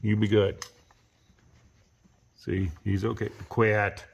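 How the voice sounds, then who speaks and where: A man filming his pets and talking to them casually, coaxing and scolding, and jumping into high baby talk. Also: flat delivery, slow, vocal fry, husky. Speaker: pet owner filming his animals.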